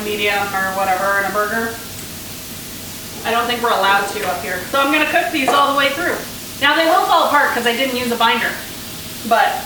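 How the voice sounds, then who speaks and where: A woman from Canada chatting casually through a home cooking vlog, full of rambling asides while she cooks. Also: on the high side. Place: home kitchen. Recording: very echoey kitchen, mic far off, frying noise. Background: food sizzling on a grill pan.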